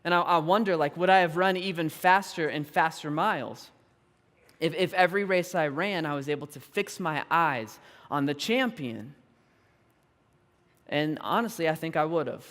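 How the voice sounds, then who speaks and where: Animated man preaching in a reverberant hall. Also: fairly high pitch, moderate pace. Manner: animated and self-deprecating, laughing often. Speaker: pastor. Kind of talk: storytelling sermon. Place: large church auditorium.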